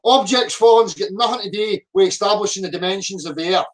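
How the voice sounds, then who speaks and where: A man's voice: high-pitched, quick pace. A middle-aged man, ranting profanely at viewer comments, abrasive and mocking. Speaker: flat earth video commentator. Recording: voice a bit distant from the mic.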